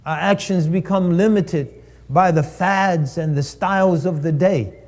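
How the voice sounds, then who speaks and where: High-voiced man delivering a preaching lecture. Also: measured pace, darkish tone. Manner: rhetorical, repeats phrases for emphasis. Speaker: speaker at a live-streamed cultural event.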